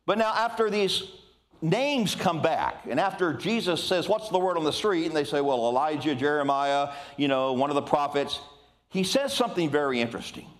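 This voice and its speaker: Animated older male preacher. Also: fairly high pitch, moderate pace. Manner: animated, conversational preaching with asides. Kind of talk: sermon.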